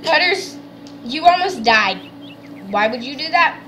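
A woman hosting a let's play, chatting excitedly and explaining the game as she goes. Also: high voice, measured pace, slight background noise. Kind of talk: casual gameplay chat.

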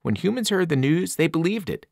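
A man's voice: a little high, sing-song, a little fast, vocal fry, a little mellow, no room sound, pitched above the performer's own voice. Anxious young satyr, earnest and pleading, dry close sound, read by a man.

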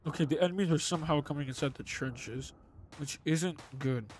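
A young man giving excitable gameplay commentary, exclaiming and swearing under his breath. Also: fairly high pitch, brisk, a little hiss or hum. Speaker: gamer. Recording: game gunfire and beeps behind.

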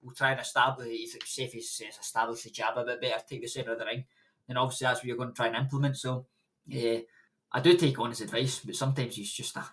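This young boxer from Scotland has a level, slightly bright voice of medium pitch and talks at a quick pace. Guesting in a casual interview, he rambles through anecdotes and laughs frequently.

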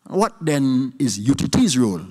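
A man with a Trinidadian accent giving an emphatic public speech as a university professor, slowing down to repeat his key points. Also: mid-range voice, big pitch swings, darkish tone, slightly rough. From Trinidad and Tobago. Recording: speech hall with long reverb.

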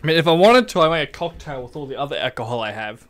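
A man hosting a casual game playthrough, laughing and swearing loudly when scared. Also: on the high side, expressive, fast. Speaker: gaming channel host. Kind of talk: casual let's-play chat.

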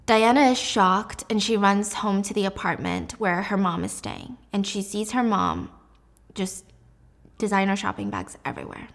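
A woman hosting a casual show, recapping a drama in a lively, animated way. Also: medium pitch, moderate pace, vocal fry. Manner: lively, animated storytelling with laughs. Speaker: host.

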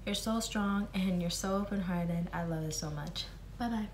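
A woman's voice: lowish voice, moderate pace, a little mellow, slight background noise. A teenage girl gushing affectionately in a birthday message to a friend.

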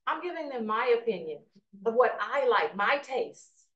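Middle-aged woman trainer, animated storyteller, highish voice, echoey lo-fi room. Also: moderate pace. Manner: animated storyteller, asks "right?" often. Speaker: real estate trainer. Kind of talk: live class teaching.

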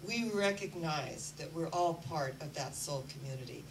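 A woman's voice: deep voice, expressive, moderate pace, distant mic, background noise. A woman spiritual teacher giving an earnest inspirational talk and telling stories. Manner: earnest, storytelling.

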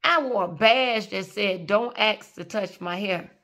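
A woman's voice: mid-range voice, measured pace, a bit bright. Emphatic woman ranting to camera. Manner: emphatic, scolding, storytelling. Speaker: vlogger. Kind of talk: direct-to-camera rant.

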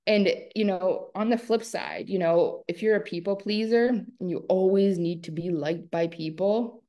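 A woman coach giving a live online masterclass, animated and emphatic and laughing often. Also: medium pitch, normal speed.

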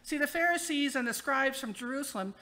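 A woman's voice: high voice, lively intonation, a little fast, sharp tone. A woman minister giving a sermon in a playful, wry storytelling way. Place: church.

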